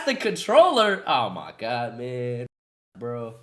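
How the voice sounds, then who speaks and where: A young man streaming live, reacting to a clip with slangy, excitable commentary. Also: a little high, slow pace.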